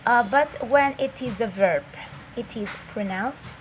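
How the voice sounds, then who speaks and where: A woman, a native Vietnamese speaker, giving a slow, careful English lesson inside a supermarket, often pausing and repeating herself. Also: fairly high pitch, low-quality recording. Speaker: English teacher. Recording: audible store background noise.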